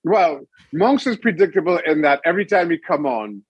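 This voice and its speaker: Animated middle-aged man, husky voice. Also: fairly high pitch, moderate pace, no echo, dull audio. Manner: animated storyteller, laughs often. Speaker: former goalkeeper guest. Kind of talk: casual interview chat.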